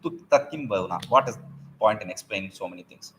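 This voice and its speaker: A man teaching a Sanskrit text, reciting verses aloud and explaining them line by line with many pauses and fillers. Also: expressive, rough recording. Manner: recites verses loudly, then explains in a lower voice; frequent fillers and self-corrections.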